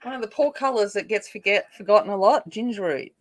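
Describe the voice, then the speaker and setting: An Australian woman chats loosely through a coloring live stream. She rambles between comments from viewers, mid-pitched and easygoing. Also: fast. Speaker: coloring channel host. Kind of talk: casual live-stream chat while coloring.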